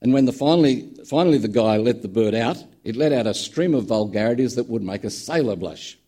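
A man's voice: medium pitch, animated, brisk, warm tone, husky. A man preaching a sermon in a conversational storytelling manner, with dry humour. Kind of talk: sermon with a told joke.

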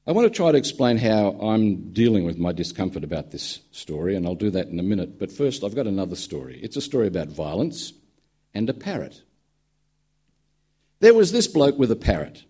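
A man preaching with a husky, slightly breathy voice. His pitch swings widely as he tells a story with dry humour, and his tone is dark and mellow. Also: big pitch swings, normal speed. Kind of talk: sermon with a told joke.

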